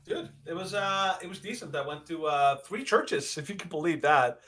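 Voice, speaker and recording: Bright-voiced joking man co-host. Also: fairly high pitch, expressive, normal speed. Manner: jokey, laughs often, puts on silly accents. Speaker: podcast co-host. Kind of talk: casual chat.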